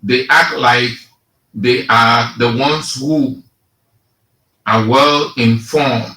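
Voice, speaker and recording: A man with a Liberian English accent hosting a radio talk show, giving slow, sarcastic political commentary and reading statements aloud. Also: mid-range voice, fairly even intonation, bright, forceful tone, echoey room, poor audio.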